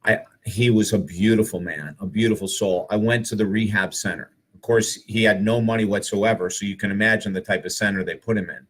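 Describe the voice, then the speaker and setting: A man who is an author and speaker, telling spiritual stories to live viewers in an earnest, animated way, full of rhetorical questions. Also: on the low side, brisk, hardly any pauses, slightly rough.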